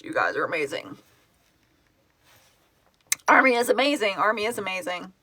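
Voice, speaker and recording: A woman's voice: medium pitch, big pitch swings, normal speed, bright, forceful tone, breathy edge, dry recording. A middle-aged woman chatting casually on a live stream as founder of a fan project, emotional and tearful as she reads out where viewers are from. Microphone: phone.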